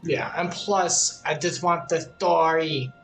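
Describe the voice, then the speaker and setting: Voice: medium pitch, steady tone, slow pace, gravelly, fairly bright tone, soft background music, low-quality recording. A co-host of a game stream, chatting casually, teasing and laughing often. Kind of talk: casual gaming chat.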